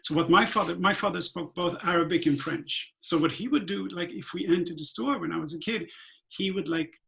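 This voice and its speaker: A man's voice: high-pitched, a little fast, creaky, a bit bright, rough recording. A man from Sweden whose first language is Swedish, speaking thoughtfully on a virtual panel over a video call, often restarting and filling with "like" and "um".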